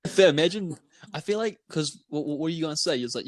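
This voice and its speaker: A man's voice: fairly high pitch, very animated, rapid-fire, dry recording. A young man with a New Zealand accent, rambling, stumbling and laughing in casual podcast chat. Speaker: podcast co-host.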